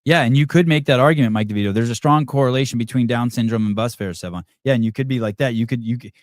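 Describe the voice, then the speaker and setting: A man's voice: medium pitch, quick pace, no echo, clean studio sound. A man hosting a livestream podcast, swearing heavily and mocking a caller in a combative rant. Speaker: podcast host. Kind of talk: heated livestream chat.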